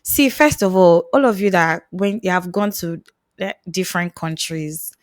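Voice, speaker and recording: A Nigerian woman co-hosting a podcast in casual chat, animated and pleading, breaking into mimicked accents. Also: fairly low pitch, moderate pace, no echo, studio quality. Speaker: podcast co-host.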